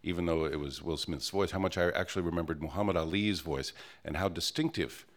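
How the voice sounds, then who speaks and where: A deep-voiced man hosts a radio interview show, speaking in a measured, reflective way with a few hesitations.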